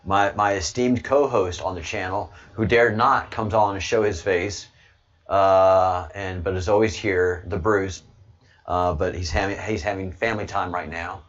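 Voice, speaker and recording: A man's voice: deep voice, fairly even intonation, measured pace. A man hosting a casual livestream, rambling to his chat and stammering over repeated words with frequent chuckles. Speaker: livestream host reading chat.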